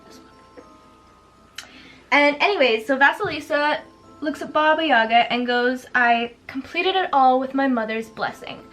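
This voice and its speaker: A woman's voice: high-pitched, unhurried, long pauses, a bit bright, faint music behind. A woman vlogger retelling a folk tale in a chatty, sarcastic way, full of "like" and "girl," while doing her makeup. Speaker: spooky lifestyle vlogger.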